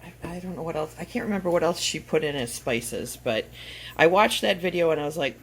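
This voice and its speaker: A woman's voice: deep voice, lively intonation, fairly quick, husky, low-quality recording. A woman chatting casually in a vlog, emotional and rambling with lots of fillers. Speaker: vlogger.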